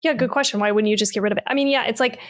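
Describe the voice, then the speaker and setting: A woman's voice: a little high, very fast. A woman co-hosting a horror movie podcast in casual chat, ranting sarcastically with swearing and frequent laughs. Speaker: podcast co-host.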